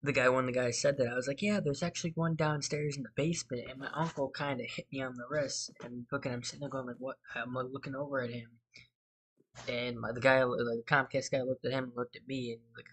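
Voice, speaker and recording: A man's voice: mid-range voice, little pitch movement, fast talker, fairly bright tone. A man hosting a gaming channel, chatting casually and rambling through a story over his gameplay, losing his thread and swearing freely.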